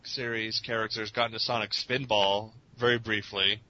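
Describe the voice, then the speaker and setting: A man with a very bright, sharp voice, rambling along in loose talk and swearing freely. He laughs at himself a lot. The recording is muffled and lo-fi, with a faint rumble underneath. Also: little pitch movement, normal speed. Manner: rambling, profane, self-mocking, laughs often. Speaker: podcast interviewee. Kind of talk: casual chat.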